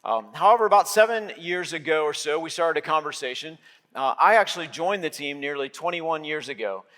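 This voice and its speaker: A man's voice: a little high, lively intonation, a little fast, a bit bright. A middle-aged man, a lead pastor, giving a sermon in a conversational way with many filler words. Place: church sanctuary. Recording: long hall reverb.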